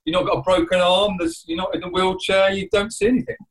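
A man's voice: high voice, fairly even intonation, poor audio. A man who is a guest telling a painful story in a conversational way, often restarting his sentences. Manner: rambling, halting retelling with many restarts.

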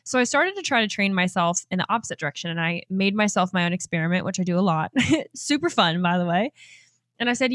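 A woman in her twenties hosting a motivational podcast, energetic and enthusiastic and quick to laugh. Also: lowish voice, no echo, studio quality. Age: 20s. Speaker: podcast host and life coach. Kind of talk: upbeat motivational podcast talk.

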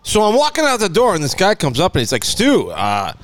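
A man's voice: sits high, a little fast, noisy background. A man co-hosting a casual talk show, telling a long rambling story and acting out the voices in it. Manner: rambling, animated, acts out voices in his stories. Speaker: podcast co-host.

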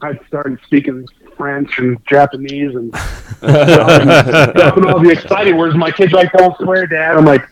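Excitable man telling a fishing story. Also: fairly high pitch, moderate pace, a loud crowd, low-quality recording. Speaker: guest angler. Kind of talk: casual storytelling chat.

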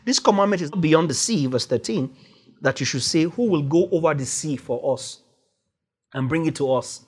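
A man's voice: fairly high pitch, animated, normal speed, slightly rough. A man preaching a sermon, stressing key words by drawing them out and rising to exclamations.

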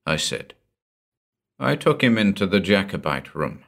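Man, very low voice, audiobook narration, measured and deliberate. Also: sing-song, vocal fry, fairly bright tone. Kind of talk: scripted narration of a short story.

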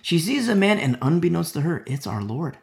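A preacher giving an impassioned sermon, repeating phrases for emphasis and dropping to hushed whispers between louder passages. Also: mid-range voice, big pitch swings, fairly quick, gravelly. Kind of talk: expository sermon.

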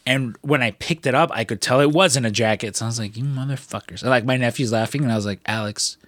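A man's voice: medium pitch, fast talker, fairly bright tone, no echo, studio quality. Rambling, swearing man in casual chat. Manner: rambling storyteller, swears freely, many fillers.

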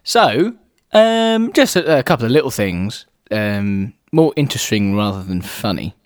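A man's voice: fairly low pitch, a little slow. A man co-hosting a podcast in casual chat, laughing often. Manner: chatty, laughs often, lively. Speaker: podcast co-host.

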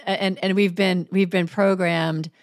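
A woman hosting a podcast interview, speaking in a thoughtful, halting way. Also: lowish voice, level tone, no room sound. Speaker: podcast host. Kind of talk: conversational interview.

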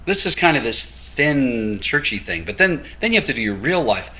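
A man's voice: on the high side, sing-song, normal speed, creaky, bright, forceful tone. A man preaching a sermon, telling a story with quoted dialogue and light laughter. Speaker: guest preacher.

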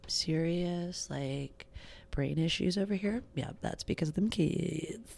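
A woman in her thirties chats alone into her podcast mic, bubbly and quick to giggle at herself. Her voice sits low, with a gravelly fry under the words. She rambles in a loose, filler-heavy drawl. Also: animated, warm tone. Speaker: podcast host. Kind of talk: casual solo podcast chat. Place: home recording setup in Wisconsin.

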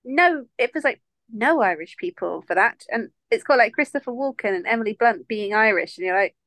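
Podcast co-host: woman, higher voice, swoops all over in pitch, dry close sound, playful. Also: a little fast, dry recording. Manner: animated, laughs a lot, playful. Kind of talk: casual chat.

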